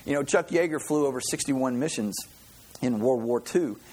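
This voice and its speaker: A middle-aged man delivering a sermon in a relaxed, folksy manner. He stops and restarts often, doubling words before he finds his thread. His pitch sits in an ordinary male middle range. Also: moderate pace, husky. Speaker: pastor.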